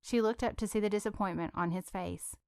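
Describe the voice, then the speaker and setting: Audiobook narrator, woman, even measured reading, smooth clear voice, dry close sound. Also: mid-range voice, no echo. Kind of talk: scripted romance narration.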